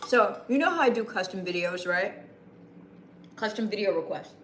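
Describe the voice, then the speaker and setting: A woman's voice: mid-range voice, animated, moderate pace, fairly bright tone, echoey room, a little hiss or hum. A woman live streaming a rambling late-night chat with viewers, greeting them by name, with a broadcaster-like voice.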